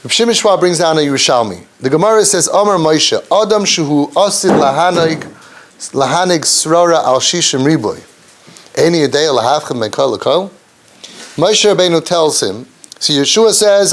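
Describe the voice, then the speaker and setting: A man giving a Torah lesson, telling the story with lively, acted-out quotes. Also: moderate pace. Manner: animated storytelling, acting out quotes with pitch jumps; mixes Hebrew and Yiddish terms into English.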